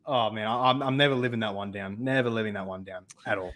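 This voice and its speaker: A young man with an Australian accent, hosting a casual chat over a video call and telling stories with lots of laughter. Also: lowish voice. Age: young adult. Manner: animated storytelling, laughs often, quick asides. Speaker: host.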